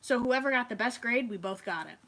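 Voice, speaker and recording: A woman's voice: a little high, brisk, a little hiss or hum, poor audio. A young woman telling stories and joking while crafting with her mother. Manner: animated storyteller, giggly. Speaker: co-host, daughter. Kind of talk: casual chat while crafting.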